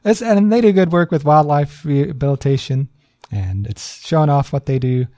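A man co-hosting a community radio show, reading event listings in a relaxed, casual way. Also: fairly high pitch, moderate pace, no echo. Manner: relaxed, reads event listings with easy chuckles. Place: radio studio.

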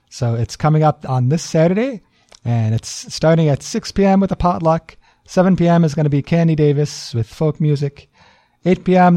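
A man co-hosting a community radio show, reading event listings in a relaxed, casual way. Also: fairly high pitch, no room sound. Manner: relaxed, reads event listings with easy chuckles. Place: radio studio.

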